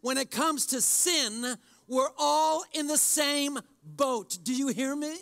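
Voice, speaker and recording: A man's voice: very high-pitched, takes it slowly, a bit bright. A man preaching a sermon as pastor in a church service, exhorting in a conversational way and addressing the congregation directly.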